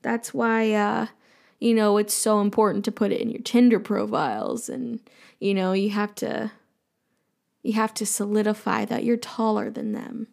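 A woman's voice: medium pitch, little pitch movement, normal speed, creaky, a little mellow. A woman hosting an advice show, casually answering listener questions in a playful, teasing way with jokey asides. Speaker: advice podcast host.

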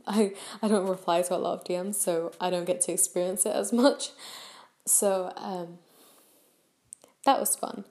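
A woman's voice: mid-range voice, a little mellow. Young woman podcaster rambling through a story, lots of ums, acts out what ppl said. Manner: chatty, many fillers and restarts, acts out quoted lines. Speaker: podcast host. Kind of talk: casual storytelling.

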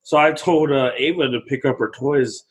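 A man's voice: mid-range voice, moderate pace, slightly rough, low-quality recording. A young man, a father, telling home stories in casual chat and laughing often. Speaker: podcast co-host, father.

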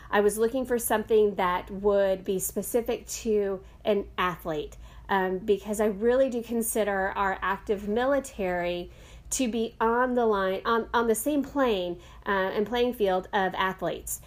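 A woman's voice: medium pitch, unhurried. A middle-aged woman, a yoga teacher, hosting a podcast in a casual, rambling monologue full of fillers and self-corrections.

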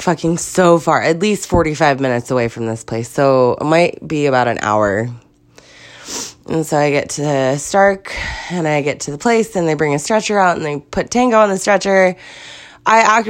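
A woman in her thirties, sick and sniffly, rambles through a stressful story in a casual vlog, swearing freely and laughing at her own bad luck. Her lowish voice swings widely up and down. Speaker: vlogger.

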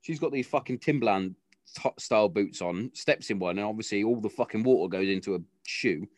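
A man's voice: lowish voice, a little fast, dry recording, clean studio sound. A young British man telling a blunt, sweary story in casual chat.

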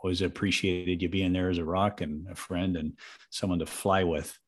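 A male host with a low voice, speaking affectionately to a close friend. He talks softly, hesitating with many fillers as he picks his words. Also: flat delivery. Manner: affectionate, soft-spoken, halting with fillers. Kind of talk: casual heartfelt conversation.

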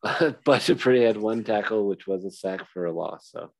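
A man co-hosting a casual sports podcast, talking in a relaxed way with lots of "like" fillers. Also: fairly low pitch, moderate pace, vocal fry. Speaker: podcast co-host.

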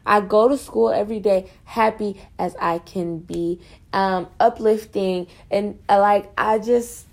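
A woman's voice: medium pitch, fairly even intonation, unhurried, darkish tone. A woman student venting in a casual, rambling monologue for her podcast, frustrated and full of fillers.

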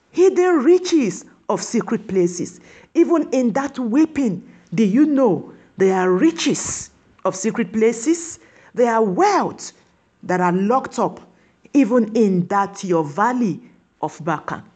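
A woman preaching with a husky, slightly breathy voice that rides fairly high. Her pitch swings widely as she presses her listeners with question after question. She slows down and draws out key words to drive them home. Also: darkish tone. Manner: emphatic, repeats rhetorical questions; stretches key words slowly for emphasis. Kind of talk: sermon.

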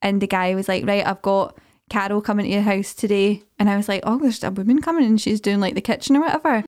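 A Scottish woman in her thirties co-hosts a casual podcast chat, spilling stories with lively animation. Her voice sits at an ordinary middle pitch, and she talks over friends with easy familiarity. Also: quick pace. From Scotland. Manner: chatty, animated storytelling. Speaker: podcast co-host.

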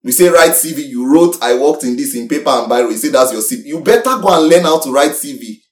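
A young man from Nigeria, preaching a sermon in an animated, exhorting way with sudden swings in pitch and loudness. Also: fast. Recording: roomy echo, mic from far off.

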